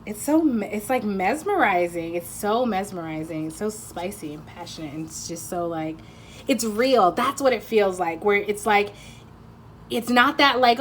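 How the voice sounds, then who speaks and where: A woman's voice: medium pitch, normal speed. Woman, tarot reader, rambling casual talk, laughs a lot, faint background noise. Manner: chatty and rambling, laughs often, many fillers. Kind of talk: casual intuitive card reading.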